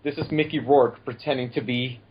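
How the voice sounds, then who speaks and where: A man's voice: mid-range voice, steady tone, a little fast, highs cut off, a little hiss or hum. A man on a comedy podcast, laughing and teasing the others. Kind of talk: casual comedic banter.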